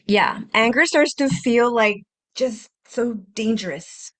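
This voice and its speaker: A woman hosting a self-help podcast, speaking gently and reflectively, repeating phrases and acting out inner voices with sighs. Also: fairly high pitch, slow. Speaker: podcast host and healing coach.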